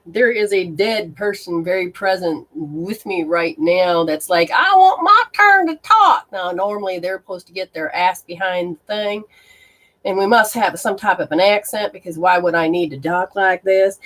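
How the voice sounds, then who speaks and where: Woman host, lower pitch, spiritual reader on a live stream: blunt, exclamatory, unfiltered. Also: fairly even intonation, moderate pace. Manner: blunt and exclamatory, swearing, reacting aloud to sensations. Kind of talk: casual live-stream talk with viewers.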